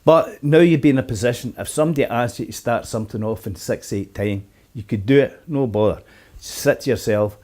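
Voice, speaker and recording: A man's voice: medium pitch, a little fast, darkish tone. A middle-aged man giving a casual guitar lesson at home, chatting loosely and counting beats aloud. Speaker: guitar teacher. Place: apartment. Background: guitar playing.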